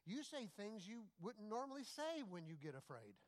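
Middle-aged male pastor, slightly raised voice, animated conversational sermon delivery. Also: normal speed. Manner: lively, conversational preaching with rhetorical questions to the congregation; swings from loud emphatic bursts to low, quiet asides.

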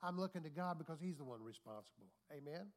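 A pastor preaching a sermon in a church, his voice sitting a little high for a man. He drives points home by repeating phrases and tossing questions back to the congregation. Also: expressive, quick pace. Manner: preaching with call-and-response asides and repeated phrases.

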